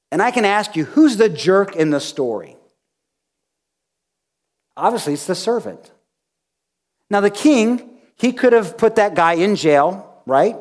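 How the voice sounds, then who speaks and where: A male pastor preaching a sermon, retelling a scripture story with acted-out dialogue. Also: a little high. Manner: animated storytelling, acting out dialogue.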